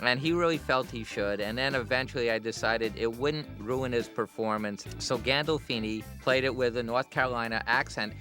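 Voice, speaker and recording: A man's voice: medium pitch, moderate pace, hardly any pauses. Middle-aged director guy chatting about his movie, easygoing, music playing under him. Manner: relaxed anecdotal storytelling. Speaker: film director. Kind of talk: DVD commentary interview.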